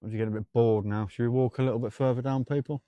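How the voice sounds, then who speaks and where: A man with a medium-pitched, dark, steady voice talks rapid-fire to his livestream audience. He's a ghost-hunting host outdoors at night by old railway tracks, rambling, joking and greeting viewers by name, his throat sore and dry. There's no echo.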